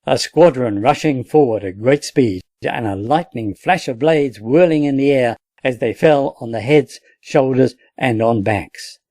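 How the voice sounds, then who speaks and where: A man from Australia with an Australian accent, reading a classic novel aloud in a steady, measured way. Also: medium pitch, no echo. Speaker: audiobook reader.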